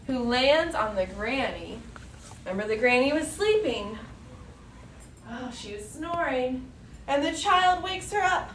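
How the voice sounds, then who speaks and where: A woman teaching a children's yoga lesson, reading a story aloud and guiding poses with animated, playful cries. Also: sits high, unhurried, slight background noise. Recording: echoey room, voice from far off.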